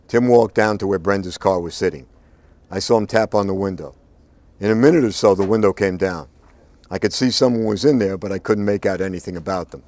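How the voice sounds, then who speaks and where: A man narrating a first-person crime story in a plain, unhurried way. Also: lowish voice, a little mellow, no echo. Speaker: audiobook narrator.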